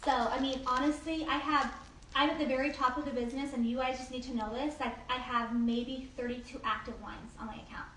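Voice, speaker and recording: A woman's voice: sits high, fairly even intonation, brisk, a bit bright. A woman giving a casual group training talk on networking, upbeat and chatty, with frequent "like" and "okay?". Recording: echoey room, mic from a distance, faint noise.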